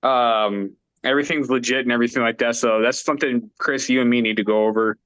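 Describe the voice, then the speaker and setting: A man's voice: medium pitch, fairly even intonation, quick pace, fairly bright tone, clean tone, highs cut off. A man co-hosting a podcast, speaking in a careful, practical way about the details. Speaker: podcast co-host. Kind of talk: casual podcast chat.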